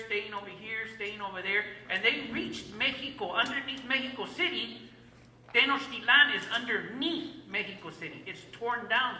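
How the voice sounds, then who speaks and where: Teacher, mid-pitched, emphatic lecture with call-and-response, roomy room, mic far off. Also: pushed and bright. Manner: emphatic, repeats key words, asks the class questions. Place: classroom.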